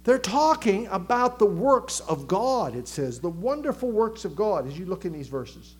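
A man preaching a sermon with a Southern American accent, animated, acting out crowd voices and dropping to a hush for emphasis. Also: high-pitched, normal speed, slightly rough. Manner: animated, acts out crowd voices, swings from loud to hushed. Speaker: pastor.

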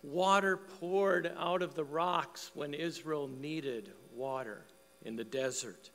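A man's voice: a little high, slow, fairly bright tone. Older man, preacher, folksy storytelling sermon, echoing hall, faint hum. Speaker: pastor.

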